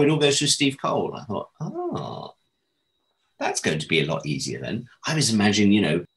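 Middle-aged male guest with a low voice and a very lively, expressive delivery. Tells anecdotes and acts out the dialogue. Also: low-quality recording. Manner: animated, acts out quoted dialogue with big jumps in pitch; self-deprecating, laughs while telling stories. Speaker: interview guest. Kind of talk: anecdotal storytelling in conversation.

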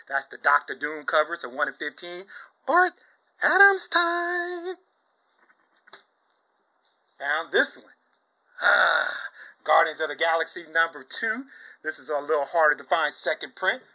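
A man's voice: a little high, brisk, low-quality recording. Exuberant man showing off comics. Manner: exuberant, says "y'all" a lot; bursts into loud shouts and laughs. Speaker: comic book vlogger. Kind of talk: casual chat.

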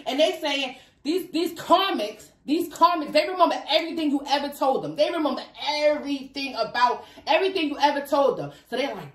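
A woman's voice: sits high, lively intonation, moderate pace, fairly bright tone, reverberant. A woman giving a spoken tarot reading, repeating herself emphatically and talking to Spirit and the viewer. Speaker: tarot reader.

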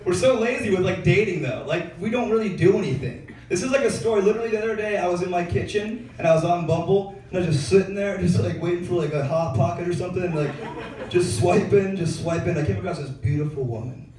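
A man's voice: sits high, fast talker, darkish tone, slight background noise. A young man performing a stand-up comedy set in a club, telling stories in a laid-back, slangy way full of fillers. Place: comedy club stage, live audience. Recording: echoey club room, heard from far off.

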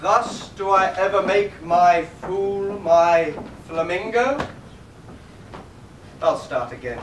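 A man acting a brooding young stage villain, declaiming grandly and deliberately, taped from far off in a theatre. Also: high-pitched, echoey room, slight background noise. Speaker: stage actor. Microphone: far camera in audience.

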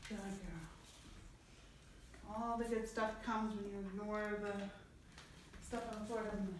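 A woman's voice: mid-range voice, level tone, moderate pace. A woman training her dog, giving short commands and praising it in a coaxing voice. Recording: distant mic, very echoey room, faint noise.

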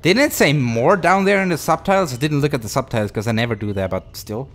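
A man commentating a horror game as he plays it, excitable and profane, talking to himself and to the game. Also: mid-range voice, quick pace. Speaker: gameplay commentator.

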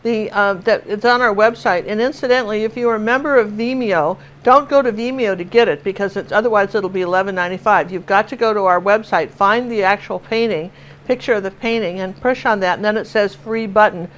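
A woman's voice: medium pitch, brisk, muffled recording. An older woman from Washington State giving a chatty live painting lesson, telling stories and laughing as she works. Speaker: painting teacher.

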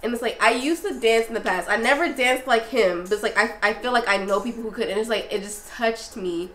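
A young woman vlogging in a casual, effusive way, talking excitedly with lots of fillers and restarts. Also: a little high, fairly quick, roomy sound, faint music behind, rough recording. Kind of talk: casual review vlog.

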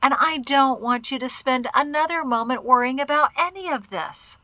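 A woman voicing a steady young married woman who speaks calmly and reassuringly. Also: sits high, moderate pace, no echo, voice pushed up.

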